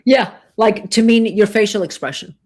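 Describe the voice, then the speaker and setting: A woman's voice: medium pitch, moderate pace, darkish tone. A woman in casual conversation, explaining emotions earnestly and acting out quoted phrases. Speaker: co-host.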